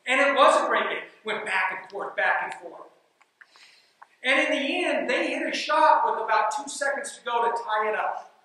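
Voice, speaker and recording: A man who coaches basketball, telling a team story as an animated speech. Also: extremely high pitch, moderate pace. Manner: animated, builds suspense in anecdotes. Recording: echoey room, mic from far off.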